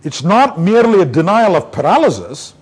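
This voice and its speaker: A male neurologist from India giving a conference lecture, an animated storyteller who acts out the back-and-forth between doctor and patient. His voice sits fairly high for a man and has a husky edge. His pitch rises and falls widely from line to line. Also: a little fast. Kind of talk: conference lecture with case anecdotes.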